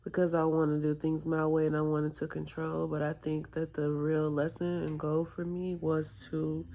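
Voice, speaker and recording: A tearful woman vlogging a personal confession, halting and reflective, with sighs and whispered asides. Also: deep voice, completely flat delivery, warm tone. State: tearful, close to crying.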